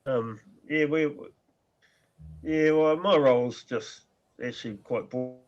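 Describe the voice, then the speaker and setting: Man, quiet and modest, video call, muffled lo-fi sound. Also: medium pitch, measured pace. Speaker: pit crew guest. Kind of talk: casual chat over video call. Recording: dull lo-fi internet call.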